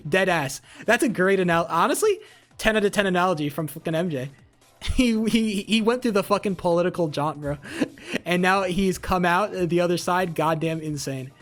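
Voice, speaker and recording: Streamer on a heated, swear-heavy rant at mid pitch, with faint music underneath. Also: moderate pace. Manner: heated, profane, repeats phrases for emphasis; talks back to chat messages. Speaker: live streamer. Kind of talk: casual live-stream political rant.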